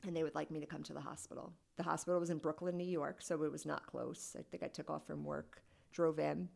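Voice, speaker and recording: Low gravelly woman telling her story. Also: flat delivery, quick pace, a little mellow. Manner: candid and conversational, heavy use of "like". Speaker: podcast guest. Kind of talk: personal storytelling in a podcast conversation.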